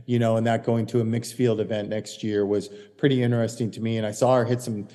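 Brief: male caddie co-host, warm dark timbre, loose rambling storyteller, echoey long-reverb room. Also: fairly low pitch, little pitch movement, quick pace. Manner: rambling storyteller, self-correcting. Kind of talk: casual chat.

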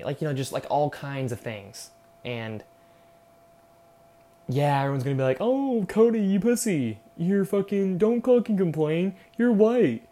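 On his solo podcast, a young host rants casually, wandering off topic, cursing, and repeatedly adding "okay?" after each point. He speaks at a medium pitch with a somewhat dark tone.

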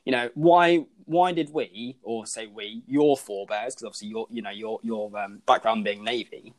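A man's voice: lowish voice, normal speed. A man co-hosting a podcast in casual chat. He talks in a loose, conversational way, full of "you know" and restarts. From Britain. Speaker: podcast co-host.

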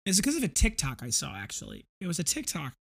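A man's voice: fairly high pitch, huge pitch swings, quick pace, gravelly, slightly rough. A man in his thirties hosting a podcast, telling a rambling, vivid story with frequent restarts. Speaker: podcast host. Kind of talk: casual storytelling monologue.

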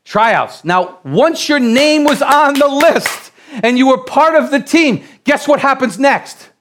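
Male preacher, middle-aged, from the United States, high voice, animated sermon that climbs to shouts. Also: takes it slowly, noisy background. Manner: animated preaching, builds to loud exclamations; repeats and restarts phrases while building up.

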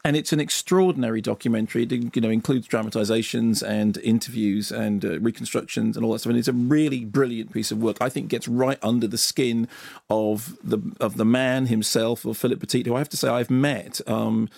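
A man's voice: mid-range voice, fairly even intonation, brisk, gravelly, darkish tone, no echo. A man reviewing films on the radio. He talks with enthusiasm and often stumbles and starts his sentences over. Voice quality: enthusiastic, lots of stumbles and restarts. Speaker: film critic. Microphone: studio radio mic.

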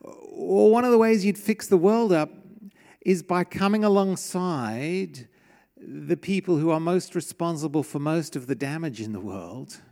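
A man's voice: high-pitched, a little mellow. A middle-aged man preaching a sermon in a church, in a conversational way, asking the congregation questions. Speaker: pastor.

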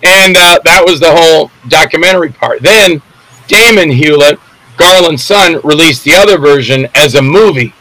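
A man's voice: a little high, normal speed, sharp tone, no room sound, poor audio. An older man, an actor, telling rambling anecdotes in a casual interview and acting out the voices of people in his stories.

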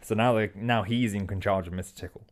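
Low-voiced man riffing comedy. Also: brisk. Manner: playful, lively, jumps into silly voices. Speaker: comedy podcast host. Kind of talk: improvised comic storytelling.

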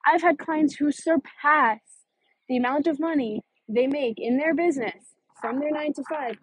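A woman business coach in a casual motivational monologue, emphatic, swearing freely, with a fast, punchy delivery. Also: high voice, no room sound.

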